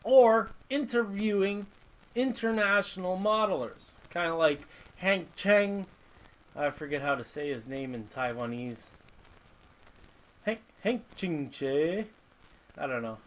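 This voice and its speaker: A man's voice: sits high, steady tone, measured pace, poor audio. A man hosting a casual live stream from his hobby workshop, chatting in a rambling way and reading out viewer comments. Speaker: host of a live model-building stream.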